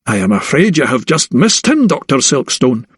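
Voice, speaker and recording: A man voicing an affable, weathered middle-aged sea captain with a Scottish brogue, speaking slowly and drawing out his words. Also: medium pitch, very animated, husky, no echo, studio quality.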